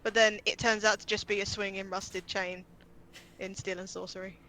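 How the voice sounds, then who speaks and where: A woman's voice: medium pitch, flat delivery, normal speed, a bit bright, poor audio. A woman narrating as game master of a tabletop game, laughing often.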